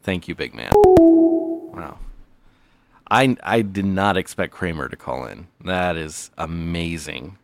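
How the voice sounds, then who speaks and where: A man's voice: deep voice, expressive, slow pace, gravelly, pauses often, darkish tone, no echo, faint music behind. A man hosting a comedy podcast with call-ins, talking in a mock-earnest, playful way with stammered restarts. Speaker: podcast host.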